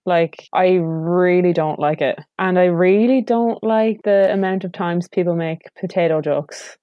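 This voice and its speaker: A woman's voice: lowish voice, measured pace, no echo. A young Irish woman, a guest comedian, chatting casually and filling her talk with "like". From Ireland. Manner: chatty, lots of "like" fillers. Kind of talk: casual chat. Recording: dull, lo-fi audio.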